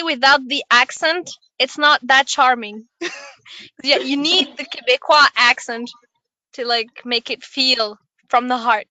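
High, bright woman chatting candidly. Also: dry recording. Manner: candid, playful. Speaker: guest. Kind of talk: casual podcast chat.

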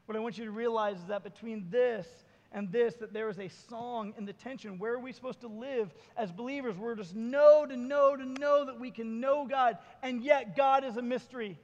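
A man with a very high-pitched voice preaches a sermon and retells scripture scenes with lively, acted-out dialogue. The sound carries a long reverb, as if recorded in a large hall. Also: normal speed, hardly any pauses, lo-fi sound. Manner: animated storytelling, acting out Bible scenes. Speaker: pastor.

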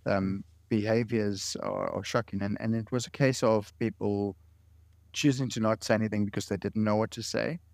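Earnest man in his late 40s, low voice. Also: fairly even intonation, moderate pace, vocal fry, a little mellow, no room sound. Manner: earnest storytelling with many repeated words. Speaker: guest. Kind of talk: interview conversation.

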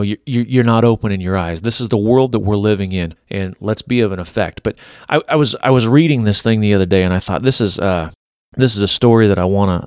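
A man's voice: on the low side, no room sound, studio quality. A man preaching on a devotional podcast, earnest and exhorting, often restarting his sentences.

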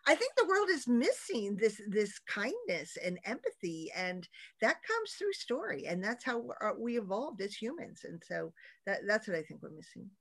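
Brief: enthusiastic middle-aged woman guest, mid-range voice, casual and expressive. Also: medium pitch, moderate pace. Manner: enthusiastic, expressive, laughs often. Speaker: podcast guest, storyteller. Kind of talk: casual interview chat.

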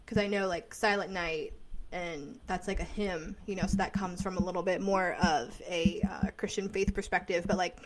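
A woman's voice: fairly low pitch, fairly even intonation, moderate pace. A woman co-hosting a podcast in casual chat, chatty with many fillers and frequent laughs. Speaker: podcast co-host.

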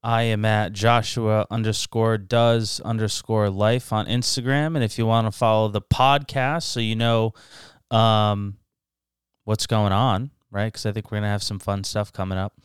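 Smooth-voiced laid-back young podcast guy. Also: fairly low pitch, little pitch movement, normal speed, no echo, clean studio sound. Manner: profane, laid-back, laughs often. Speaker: podcast co-host. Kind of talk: casual chat.

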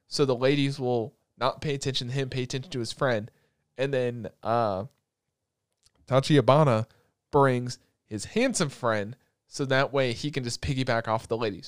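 A young man talks casually as a host, rambling through a recap with crude jokes and animated bursts. His voice sits at an ordinary pitch. The sound is dry, with no room echo. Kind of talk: casual chat.

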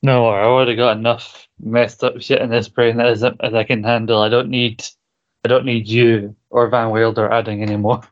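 A man's voice: medium pitch, level tone, normal speed, highs cut off. A man co-hosting a podcast, rambling in casual chat, laughing often and swearing casually. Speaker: podcast co-host. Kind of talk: casual chat about a TV show.

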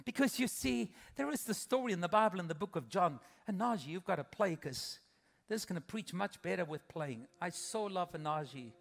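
A middle-aged man preaching a sermon as pastor, swinging from loud emphatic peaks to soft intimate asides. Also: sits high, animated, normal speed, creaky. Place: large church auditorium. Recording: long hall reverb.

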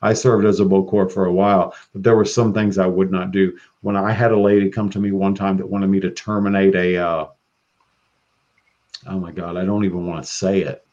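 A man talking as a podcast guest in casual chat, excitable and profane, breaking into loud bursts when quoting. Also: low-pitched, brisk. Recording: dull lo-fi sound.

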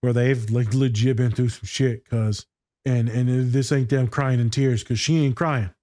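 This therapist talks casually and bluntly about a TV scene, swearing a lot and telling stories along the way. He has a warm, mid-range voice with fairly even intonation and a measured pace, in clean, echo-free studio sound.

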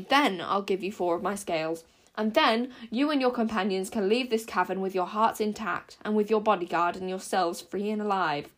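A young woman reading aloud, voicing a hateful male lake monster that spits its words out low and menacingly. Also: close to an everyday voice. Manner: spitting, bitter, low and menacing.

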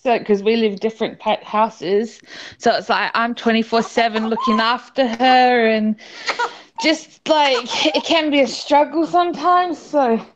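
Slow-talking young woman on a call. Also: on the high side, highs cut off, a little hiss or hum. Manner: laughs often, soft-spoken. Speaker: caller. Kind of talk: casual call-in chat.

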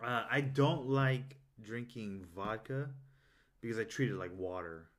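A man's voice: mid-range voice, a little slow, a bit bright. A man co-hosting a casual podcast, bantering playfully. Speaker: podcast co-host. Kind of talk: casual chat.

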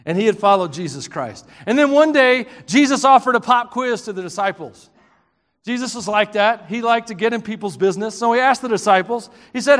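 A man with a Southern US accent preaching a sermon, telling stories in an animated, joking way and breaking into shouts. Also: very high-pitched, fairly quick. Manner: animated, joking storyteller who bursts into shouts. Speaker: pastor. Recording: long hall reverb.

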